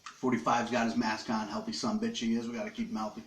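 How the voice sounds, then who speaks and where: A man's voice: lowish voice, monotone, fast talker, echoey room, a little hiss or hum. A man hosting a casual live stream from his living room, joking crudely with viewers while he eats. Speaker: livestream host. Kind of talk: rambling casual live chat.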